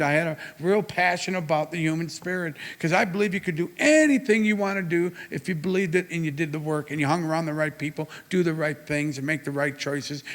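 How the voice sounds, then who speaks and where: A man in his sixties giving a motivational talk at a university, telling stories in a lively way with big rises and drops in his voice. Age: 60s. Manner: animated storytelling with big swings in pitch and loudness. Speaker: motivational speaker. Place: university lecture hall. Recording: long hall reverb.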